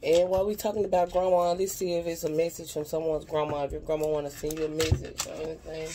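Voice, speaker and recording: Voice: medium pitch, little pitch movement, quick pace, background noise. A spiritual advisor giving a casual card reading straight to viewers, earnest and rambling, often repeating "you know what I'm saying.". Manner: earnest and heartfelt, speaking directly to viewers.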